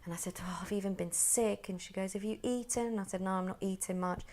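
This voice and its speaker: A woman's voice: medium pitch, steady tone, fast talker, darkish tone. A woman who is a podcast guest, vividly retelling a personal story and acting out the people in it. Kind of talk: personal conversation.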